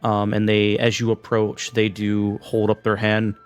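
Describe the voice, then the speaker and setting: A man's voice: lowish voice, completely flat delivery, unhurried, smooth, soft background music. A man running a tabletop game as game master, narrating scenes loosely with many fillers.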